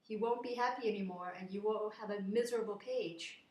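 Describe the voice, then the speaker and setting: A measured court sage, spoken by a woman retelling a fairy tale warns the king about an experiment. The voice is close to her own and has room echo. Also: sits high, lo-fi sound, close to an everyday voice. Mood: cautioning. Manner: measured, warning. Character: calm cautious older male court sage. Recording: echoey room.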